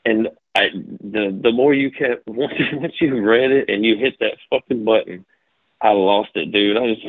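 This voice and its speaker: Male caller, husky and bouncy, constant laughter and cursing, dull lo-fi line. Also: medium pitch, no room sound. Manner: laughing constantly, profane and rambling. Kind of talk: casual phone call-in chat. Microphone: phone.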